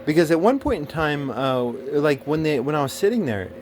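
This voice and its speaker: A man with a fairly high, sing-song, slightly mellow voice recounts a personal experience at normal speed, with slight background noise. His casual monologue meanders as he swears repeatedly and stumbles over fillers and restarts.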